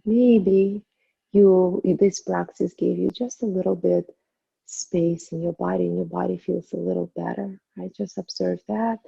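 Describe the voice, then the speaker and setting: A woman yoga teacher guiding the end of an online class with soft, slow instructions. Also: lowish voice, fairly even intonation, creaky, breathy edge, no room sound, muffled recording. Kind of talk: guided yoga cool-down.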